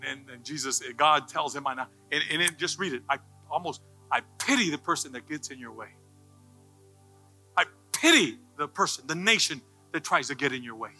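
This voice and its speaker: A male pastor preaching a sermon, joking with the congregation and building to loud, passionate calls. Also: a little high, expressive, moderate pace, soft background music, rough recording.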